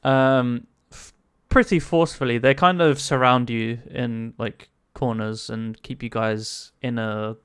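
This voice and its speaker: A man's voice: medium pitch, fairly even intonation, unhurried, few pauses, clear, resonant tone, dry recording, clean studio sound. A man narrating a tabletop game as game master, hesitant, with many fillers.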